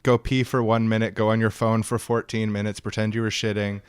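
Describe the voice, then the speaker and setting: A man's voice: lowish voice, flat delivery, brisk, clear, resonant tone, no room sound. A man hosting a podcast, ranting earnestly and with opinions in casual chat. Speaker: podcast host.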